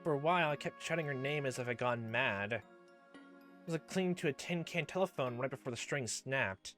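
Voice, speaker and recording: A man's voice: mid-range voice, animated, brisk, a bit bright, soft background music. A young man casually reading and commenting through a story game, rambling with lots of fillers and exclamations. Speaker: let's play host.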